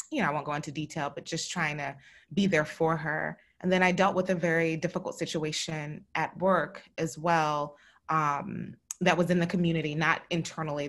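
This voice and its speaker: A woman's voice: low voice, vocal fry, a bit bright. A woman speaking on a virtual panel, telling a candid, heartfelt story over a video call.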